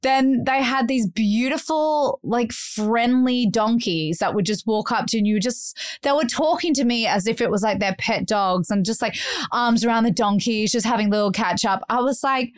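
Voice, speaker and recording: Lively woman telling stories. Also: fairly high pitch, normal speed, dry recording, studio quality. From Australia. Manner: animated storytelling, laughs often, acts out voices. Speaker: podcast host. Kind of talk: casual chat.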